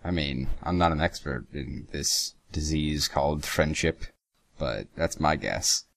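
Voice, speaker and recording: A man's voice: a bass voice, unhurried, creaky, no echo, studio quality. A young man giving casual, sarcastic reaction commentary, swearing freely and stumbling as he reads lines aloud. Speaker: reaction video host.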